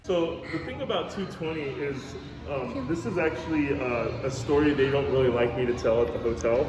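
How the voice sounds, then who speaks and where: Guy telling a ghost story, acts out the quotes, echoey room, middle pitch. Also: moderate pace. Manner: animated, acts out quotes, says bro and dude. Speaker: hotel manager. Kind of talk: casual storytelling.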